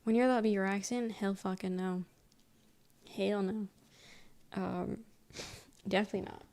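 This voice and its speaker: A soft-spoken woman streamer rambling through a story in casual chat, swearing freely. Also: medium pitch, fairly even intonation, moderate pace.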